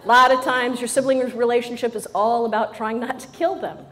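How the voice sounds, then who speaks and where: This motivational speaker is a middle-aged woman whose voice sits a little high, somewhat bright, with fairly even intonation and a slightly quick pace. Her talk before a live audience is humorous and playful, and she keeps checking in with listeners through frequent "right?" asides.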